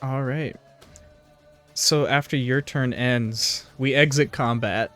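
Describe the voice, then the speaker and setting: A man's voice: medium pitch, fairly even intonation, slow, a bit bright, faint music behind. A man narrating as dungeon master in an easygoing, somewhat hesitant way. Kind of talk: narrating a tabletop game.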